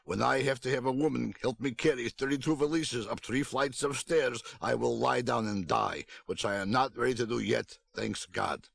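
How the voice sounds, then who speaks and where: A man's voice: medium pitch, normal speed, creaky, few pauses, fairly bright tone, breathy edge, full character voice. A man reading a storybook aloud while voicing a very old male relative with a foreign accent, who talks in a blunt, matter-of-fact way. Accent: unnamed foreign accent.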